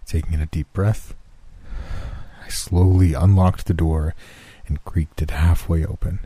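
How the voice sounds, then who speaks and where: A man narrating a first-person scary story in a slow, measured, suspenseful reading. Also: low voice, fairly even intonation, warm tone, slightly rough, no room sound.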